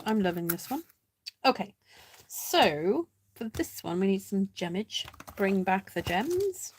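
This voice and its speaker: A woman leads a relaxed live card-making session, talking through each step at an unhurried pace. Her voice has a gravelly, creaky edge, and she keeps up a self-mocking running chat, greeting viewers by name as she goes. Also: mid-range voice. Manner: chatty, self-mocking, thinks aloud while working. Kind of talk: casual live craft demonstration.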